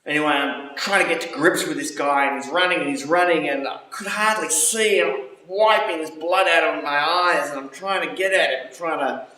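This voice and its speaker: A man telling a vivid personal story, swearing and swinging his pitch as he acts out his own panicked thoughts. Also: normal speed, few pauses, sharp tone, far from the mic. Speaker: storyteller recounting a seizure. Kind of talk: personal story told aloud. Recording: very echoey room, voice away from the mic.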